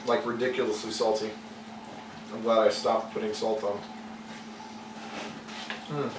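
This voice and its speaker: A man's voice: lowish voice, measured pace. A man hosting a home cooking vlog, talking casually and loosely with lots of fillers and restarts. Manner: relaxed and rambling, many fillers and restarts. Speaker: home cooking channel host. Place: home kitchen. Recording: echoey kitchen, mic at a distance, audible noise.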